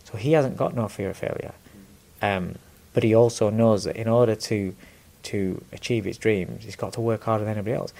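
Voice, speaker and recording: Gravelly-voiced man talking candidly. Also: on the low side, brisk, warm tone. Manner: earnest, repeats words, blunt swearing. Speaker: podcast guest, former boxer. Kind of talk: candid conversational chat.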